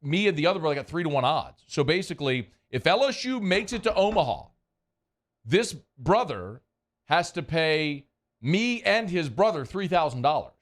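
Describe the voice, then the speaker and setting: A man's voice: a little high, moderate pace. A man hosting a sports radio show, teasing his co-host and telling stories in a casual studio chat. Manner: animated, teasing, storytelling. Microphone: studio microphone.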